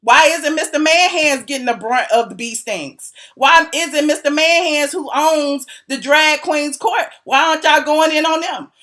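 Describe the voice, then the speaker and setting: A woman hosting a gossip commentary channel, talking to her viewers in a sassy, animated, teasing way and laughing often. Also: high voice, a little slow, few pauses. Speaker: YouTube commentary host.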